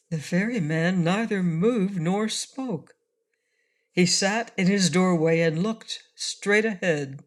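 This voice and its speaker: A woman narrating a classic children's storybook aloud in a steady reading voice. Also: on the low side, takes it slowly. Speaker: audiobook narrator.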